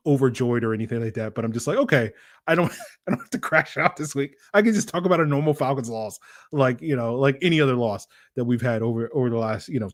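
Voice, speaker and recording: A young man hosts a sports podcast in a loose, chatty way, rambling through his takeaways and poking fun at himself. His voice sits in a middling pitch, and the sound is dry and close with no room around it. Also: dry recording. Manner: chatty, rambling, self-mocking. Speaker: podcast host. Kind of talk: casual sports analysis.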